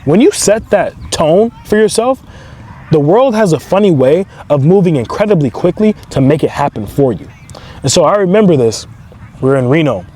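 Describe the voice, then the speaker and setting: A man giving a motivational talk to camera outdoors in town. His voice sits a touch high, and he hammers home his points with repeated affirmations in an emphatic way. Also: big pitch swings, normal speed, mellow, a little hiss or hum. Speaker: entrepreneur and motivational speaker.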